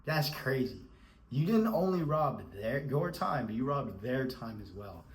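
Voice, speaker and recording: A man's voice: medium pitch, big pitch swings, a little slow, rough recording. A man giving a scolding, emphatic motivational rant, repeating himself and calling the listener bro. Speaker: motivational speaker.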